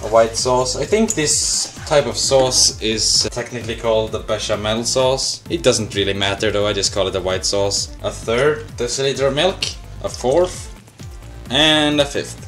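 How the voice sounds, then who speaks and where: Young man, casual cooking demo host, rambling and goofy, mid-pitched voice, faint background music. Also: unhurried, fairly bright tone. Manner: goofy, rambling, slips into silly voices and chants.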